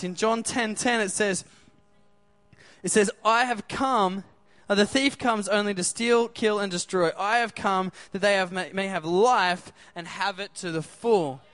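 A man's voice: sits high, a bit bright. A man preaching a sermon in an upbeat way, often asking the crowd questions.

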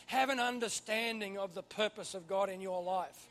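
A man preaching a sermon, swinging from quiet asides to loud emphatic bursts. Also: sits high, normal speed. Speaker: pastor.

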